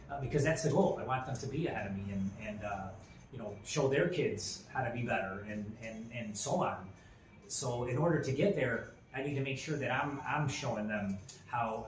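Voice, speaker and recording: A man in his forties co-hosting a podcast, telling a story in casual chat with lots of fillers and restarts. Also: mid-range voice. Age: 40s. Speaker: podcast co-host. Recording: roomy echo with faint ambient noise.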